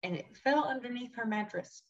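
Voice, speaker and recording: A woman guest on a podcast, telling stories in a lively, laughing way. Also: a little high, a little fast, a loud crowd. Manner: animated, laughing storyteller. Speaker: podcast guest, worship leader. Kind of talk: casual chat. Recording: dull lo-fi recording.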